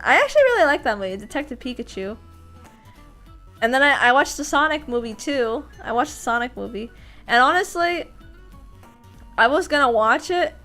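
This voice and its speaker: A woman voice actor chatting casually on a livestream, animated, laughing often and restarting sentences. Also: a little high. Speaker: voice actor and streamer.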